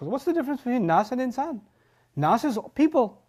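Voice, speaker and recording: A man teaching about the Quran in an animated lecture, punching key words and acting out how listeners react. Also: very high voice, normal speed.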